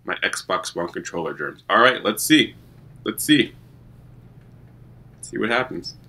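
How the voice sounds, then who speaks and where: Gaming YouTuber man, chatty and joking, lively bright voice. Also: lowish voice, unhurried, gravelly, slightly rough. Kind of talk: casual gameplay commentary.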